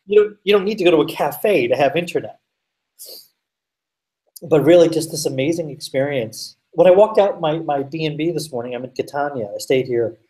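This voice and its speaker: A man's voice: on the high side, lively intonation, brisk, dark tone, far from the mic, rough recording. A man telling a story as a guest in a rambling, chatty way with lots of fillers, over a remote call. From United States.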